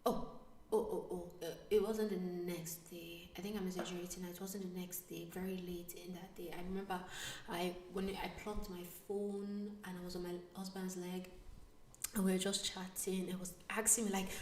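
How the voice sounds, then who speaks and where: Young adult woman vlogger, not a native English speaker, lowish voice, whispers then bursts out, mic a bit distant in an echoey room. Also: normal speed, a little hiss or hum. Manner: animated, switching between hushed whispers and excited bursts. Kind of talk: casual storytelling vlog.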